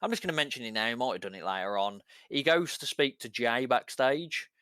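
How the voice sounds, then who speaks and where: A man talking through a casual recap on a podcast, stacking one event onto the next and filling gaps with ums. His voice is smooth and clean. The sound is close and dry, with no room around it. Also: medium pitch, animated, brisk, bright, forceful tone, no echo. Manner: rambling, filler-heavy play-by-play retelling. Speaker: podcast co-host.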